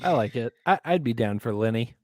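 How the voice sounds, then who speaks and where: A man's voice: medium pitch, lively intonation, a little fast. A man on a sports podcast panel, joking and playful through the banter. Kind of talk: casual sports podcast chat.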